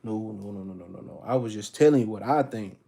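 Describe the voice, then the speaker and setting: A man's voice: on the low side, fast talker, vocal fry, warm tone, slightly rough. A man briefly putting on a defensive male adviser who denies the advice he gave. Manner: defensive, backpedaling. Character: evasive male adviser denying his own advice.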